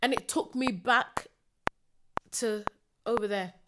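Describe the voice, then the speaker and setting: A woman co-hosting a podcast, telling stories in a casual, emotional and animated way. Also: a little high, slow pace, background noise. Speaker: podcast co-host. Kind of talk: casual chat.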